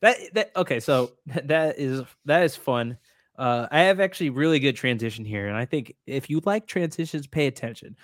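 A young man from Indiana chatting casually on a podcast, animated and joking with lots of fillers. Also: medium pitch, moderate pace, no room sound, studio quality. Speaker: podcast co-host. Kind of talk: casual chat.

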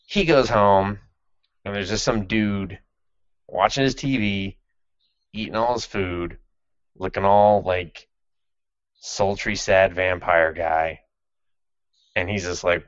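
A man's voice: low voice, slow, a bit bright, dry recording, highs cut off. A man hosting a podcast who chats casually and sardonically, swearing freely and laughing as he recaps an anime. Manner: sardonic and profane, with frequent laughs. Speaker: podcast host.

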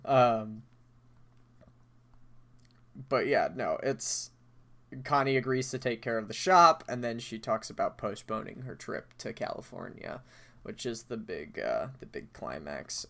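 A man's voice: mid-range voice, very animated, unhurried, gravelly, fairly bright tone. A man co-hosting a podcast in casual chat, talking loosely with many fillers and easy laughs. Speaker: podcast co-host.

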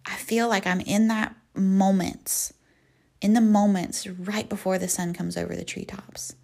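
A young woman hosting a devotional podcast, slowly and softly guiding a visualization, sometimes dropping to a whisper. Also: medium pitch, flat delivery, vocal fry. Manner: slow, soft and reflective, often near a whisper. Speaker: podcast host. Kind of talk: guided visualization and devotional talk.

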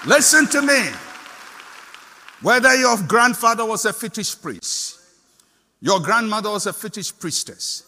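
An older Ghanaian man preaching a sermon as pastor, impassioned and rising to shouts on repeated declarations. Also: high-pitched, lively intonation, unhurried, pauses often, big-room sound, some chatter behind.

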